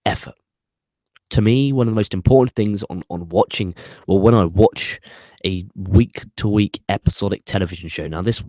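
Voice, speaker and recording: A man with a deep, low, darkish voice hosts a casual wrestling show review, ranting with strong opinions and swearing. He rambles off on tangents and restarts, and the recording is dry and close with no room sound.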